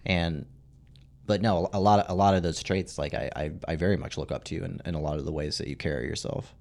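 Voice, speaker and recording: A man's voice: low voice, steady tone, quick pace, gravelly, a little mellow. A man co-hosting a podcast, chatting casually and reflectively, rambling a little and laughing often. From Arizona. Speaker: podcast co-host. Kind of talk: casual chat.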